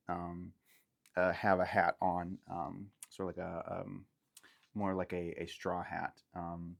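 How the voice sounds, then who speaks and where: A woman's voice: extremely low pitch, vocal fry. A woman running a tabletop game as game master, narrating hesitantly with many fillers. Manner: hesitant, filler-heavy, laughing often.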